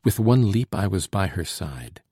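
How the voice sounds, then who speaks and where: Male audiobook narrator: husky, dark-toned voice, measured first-person storytelling with lively pitch. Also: dry recording, clean studio sound.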